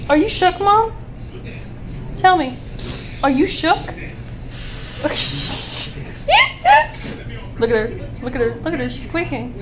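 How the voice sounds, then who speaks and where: Excitable high-voiced woman vlogging. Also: normal speed, pauses often, a crowd in the background. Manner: excitable, gushing, repeats exclamations. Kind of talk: casual vlog chat. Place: hotel room. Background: background music.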